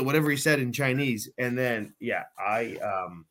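A man's voice: medium pitch, fairly even intonation, normal speed, a bit bright. A man co-hosting a podcast in casual chat, joking, swearing freely and trailing off with fillers. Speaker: podcast co-host.

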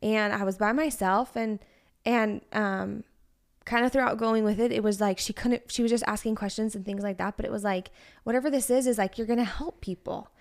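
A woman's voice: medium pitch, steady tone, a little fast. A woman in her thirties co-hosting a podcast, talking candidly and personally, with lots of "like" in her casual chat. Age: 30s. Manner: chatty, heavy use of "like", candid and personal. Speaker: podcast co-host.

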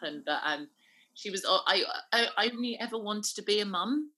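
A woman's voice: medium pitch, animated, a little fast, pushed and bright, husky. A woman in her thirties co-hosting a podcast, chatting casually, often restarting her sentences and giggling. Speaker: podcast co-host. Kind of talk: casual chat.

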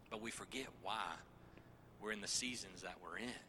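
A man in his thirties preaching a sermon, joking with the congregation in lively asides. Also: mid-range voice, fairly quick, slight background noise. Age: 30s.

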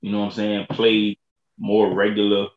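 A low-voiced man chats haltingly on a sports podcast, padding his points with filler phrases. The sound is roomy and dull. It has a muffled lo-fi quality. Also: completely flat delivery. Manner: halting, repeats "you know what I'm saying". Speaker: podcast co-host. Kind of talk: casual sports podcast chat.

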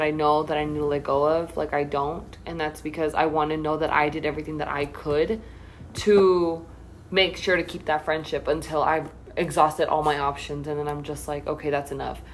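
Young woman hosting a chat, a bit low voiced, earnest and teary, faint hiss behind. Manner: emotional, earnest, near tears. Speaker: host. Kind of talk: casual chat.

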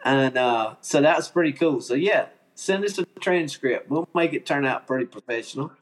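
A man's voice: mid-range voice, animated, normal speed. A man with a Southern accent, a podcast guest telling stories in an easygoing way and chuckling often. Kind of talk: casual chat.

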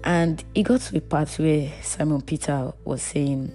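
A woman's voice: deep voice, steady tone, unhurried, hardly any pauses, warm tone, soft background music. A young woman hosting her own faith podcast, talking to listeners in a chatty, heartfelt way. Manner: chatty and heartfelt, addresses listeners as "you guys". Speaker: podcast host. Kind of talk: casual faith podcast monologue.

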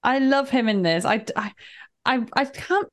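A woman co-hosting a podcast, chatting casually about movies and reacting with quick laughs. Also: on the high side. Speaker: podcast co-host.

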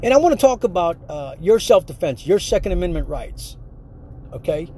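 A man's voice: sing-song, normal speed, warm tone, a little hiss or hum. A man hosting a solo podcast, ranting angrily with heavy swearing and repeatedly addressing his listeners as folks. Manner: angry, profane, ranting; repeats "folks", drops low on it. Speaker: podcast host.

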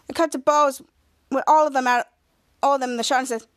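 A young woman hosting a podcast, excitedly recapping a TV episode and acting out the characters' lines in playful voices. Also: high voice, fast. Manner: excited, rambling, acts out quotes in playful voices. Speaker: podcast host.

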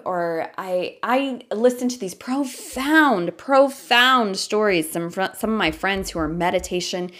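A woman's voice: mid-range voice, measured pace, hardly any pauses, a bit bright. A woman in her thirties hosting her own podcast, talking earnestly and thinking aloud with lots of fillers. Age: 30s. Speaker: podcast host. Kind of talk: reflective solo podcast talk.

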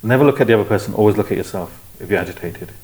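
A man with a low voice leads a spiritual discussion. He explains things patiently, going back over his points in a calm, even way. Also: racing, low-quality recording. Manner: calm, explanatory, repetitive phrasing. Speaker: spiritual teacher. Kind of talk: teaching discussion.

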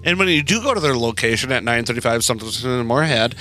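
Male co-host, bright lively voice, goofy, laughs a lot. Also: mid-range voice, fast talker, soft background music. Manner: goofy, laughs often, bursts into silly shouts. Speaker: podcast co-host. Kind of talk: casual podcast chat.

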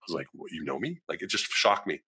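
A man, a guest in a conversation, telling a personal story in an animated way, acting out the voices of people he quotes and using lots of "you know" fillers. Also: low-pitched, quick pace, slightly rough, no echo.

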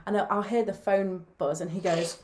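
A woman co-hosting a podcast, telling lively family stories in a casual chat. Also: medium pitch, normal speed, a little hiss or hum. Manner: lively storyteller, mimics family. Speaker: podcast co-host.

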